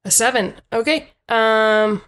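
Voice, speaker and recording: A woman's voice: fairly high pitch, slow pace, a bit bright, clear, resonant tone. Hesitant young woman game master. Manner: hesitant, lots of ums, laughs easily. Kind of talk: narrating a comedy tabletop game.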